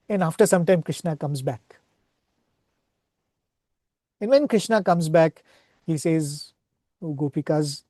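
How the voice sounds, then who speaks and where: A man's voice: on the high side, warm tone, no room sound, clean studio sound. A man speaking at a spiritual retreat, earnestly retelling scripture stories in a devotional talk and often checking in with "right?".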